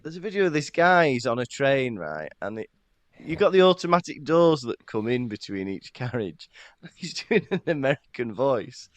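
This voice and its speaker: A man's voice: medium pitch, normal speed, no room sound. A man co-hosting a casual podcast, telling stories with laughter. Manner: lively and laughing, animated storytelling. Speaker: podcast co-host. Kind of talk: casual chat.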